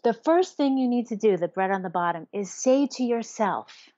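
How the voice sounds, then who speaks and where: Her voice sits fairly high, mellow and lively in intonation, at a normal speed, as this woman therapist explains concepts during an interview. Earnest and instructive, she illustrates her points by acting out inner self-talk, on a dull, lo-fi, dry recording.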